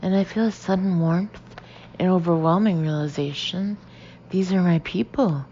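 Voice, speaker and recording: Female audiobook narrator, low gravelly voice, lively reads, dull lo-fi sound with faint hiss. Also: normal speed. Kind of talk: first-person audiobook narration.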